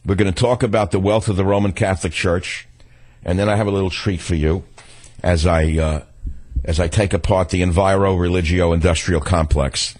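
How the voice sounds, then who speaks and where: A man hosting a talk radio show, delivering an indignant, combative monologue with sudden leaps in pitch. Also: fairly even intonation, moderate pace, darkish tone.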